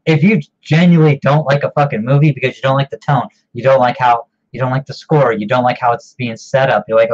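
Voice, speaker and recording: A podcast co-host chats casually, rambling, swearing freely and laughing often. His medium-pitched voice stays steady as he talks fast with few pauses, on dull lo-fi audio.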